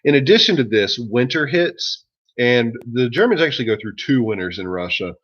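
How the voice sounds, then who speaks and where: A man's voice: medium pitch, animated, moderate pace, fairly bright tone, lo-fi sound. A man teaching a history class in a casual, joking way, with many ums and uhs. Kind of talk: classroom lecture.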